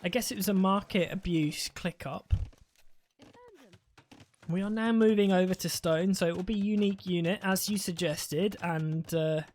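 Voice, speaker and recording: A man's voice: sits high, fairly even intonation, normal speed, a little mellow, slight background noise. A British man doing live esports commentary, rambling and joking, often restarting his sentences. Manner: rambling, jokey, self-interrupting. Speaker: esports caster.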